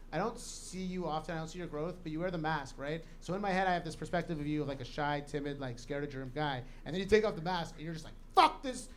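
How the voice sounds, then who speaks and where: A man hosting at a comedy club, giving comics feedback in an excited, rowdy way. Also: a little high, slight background noise. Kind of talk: emcee feedback and banter.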